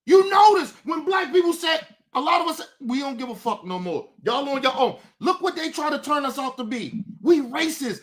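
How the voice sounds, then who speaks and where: A woman hosting a livestream, ranting angrily in a profane voice that often breaks into shouting. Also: sits high, animated, moderate pace, few pauses. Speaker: streamer, show host. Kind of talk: livestream rant.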